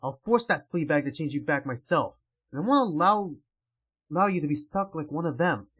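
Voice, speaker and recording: A man's voice: fairly high pitch, expressive, a little fast, fairly bright tone, slightly rough. A man voicing a brash young male warrior who speaks bluntly and stammers through his apologies. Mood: determined.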